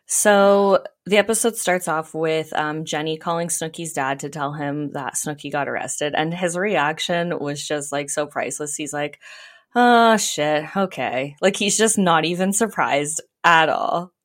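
A woman's voice: sits low, measured pace, few pauses, a bit bright. A woman guesting on a podcast, casually recapping a show and swearing now and then. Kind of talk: casual chat.

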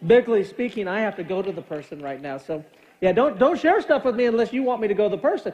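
A man's voice: high-pitched, expressive, fast talker, darkish tone. A man in his fifties, a pastor giving a conversational, jokey sermon in a church, acting out little scenes with funny voices. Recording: muffled lo-fi sound.

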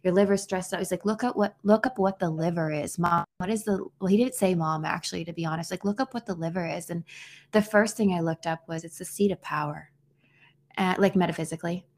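A woman's voice: on the low side, fairly quick. A woman in her thirties co-hosting a podcast, telling a personal story in an earnest, casual way with frequent restarts. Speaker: podcast co-host. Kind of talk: casual heartfelt conversation.

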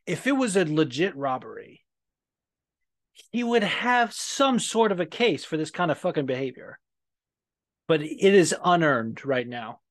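A man with a slightly high voice hosts a podcast in loose, casual chat. He rambles, swears freely and restarts his sentences, filling gaps with "like" and "um.". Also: very animated, measured pace, long pauses. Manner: rambling, profane, many fillers and restarts. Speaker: podcast host.

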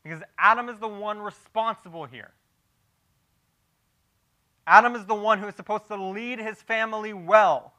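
A man with a high-pitched voice preaches an expository sermon verse by verse at a moderate pace, pausing often. He drops into a hushed, grave tone, then rises to loud, animated emphasis, frequently restarting and repeating words as he improvises. The recording is rough.

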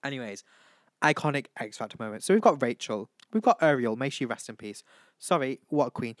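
A man's voice: medium pitch, lively intonation, fairly quick, dry recording. A teenage young man hosting a casual chat, gushing and camp, who keeps breaking into impressions. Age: teens. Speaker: vlog host.

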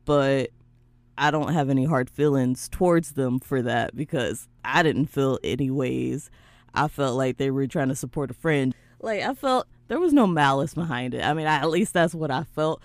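A young woman from the American South hosting a casual podcast chat, animated and prone to mimicking other people's voices. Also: very deep voice, moderate pace, no room sound. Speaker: podcast host.

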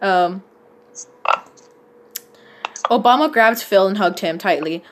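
A woman reads fanfiction aloud on a comedy podcast in a playful, casual way. She laughs and swears freely between lines. Her voice sits at a middle pitch. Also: slow pace, pauses often, noisy background. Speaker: podcast co-host reading fanfic.

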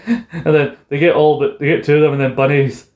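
Young guy in casual chat, quick retelling, swearing, laughing, roomy echo. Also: a little high, muffled recording. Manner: animated, swearing, laughing often, acts out lines. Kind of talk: casual chat recapping a film. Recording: echoey room.

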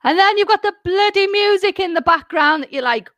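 A middle-aged woman, a celebrant and hypnotherapist, chatting as a guest in a lively, jokey way. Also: extremely high pitch, a little fast, no echo. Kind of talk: casual chat.

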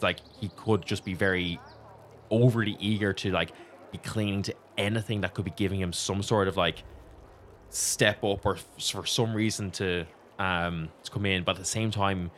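A man's voice: low-pitched, fairly bright tone, a little hiss or hum. A man narrating as game master of a tabletop game, casual and rambling with many fillers.

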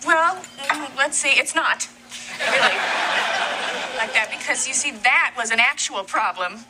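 A woman's voice: sits high, measured pace, very noisy. An actress playing a blunt, moody pregnant young woman in a sitcom, talking offhand with small laughs. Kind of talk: sitcom acting. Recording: sitcom clip with loud ambience.

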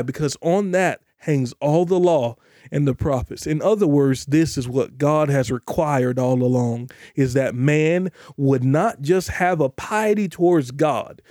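A man preaching a sermon on a podcast, with emphatic delivery that slows down to stress scripture. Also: darkish tone, dry recording, clean studio sound. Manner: emphatic preaching, voices imagined questioners in a high pitch. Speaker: pastor.

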